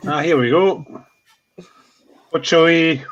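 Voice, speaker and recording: A man on a casual game stream reacts in quick, excited bursts. His voice is on the higher side, and it comes through a dull, lo-fi microphone. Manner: excited short outbursts. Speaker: stream co-player. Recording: dull lo-fi mic.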